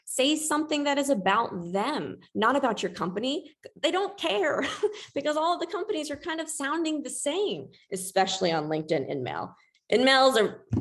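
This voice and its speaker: A woman presenting a webinar in a chatty, self-deprecating way, with a ready laugh. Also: mid-range voice.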